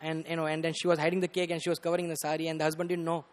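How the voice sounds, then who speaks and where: A man preaching a storytelling sermon, animated and rising to loud bursts, often saying "you know". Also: a little high, very fast. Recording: reverberant hall.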